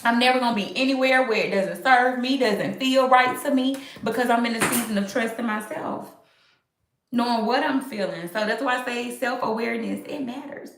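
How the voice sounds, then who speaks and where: An upbeat, animated woman hosting a casual live stream from home, talking straight to her viewers. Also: a little high, normal speed. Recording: echoey room.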